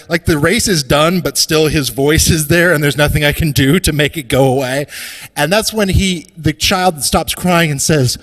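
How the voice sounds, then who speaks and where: A man's voice: fairly high pitch, normal speed, fairly bright tone, in a large hall. A man hosting a live comedy show, telling a rambling, profane, self-deprecating story and introducing acts on stage.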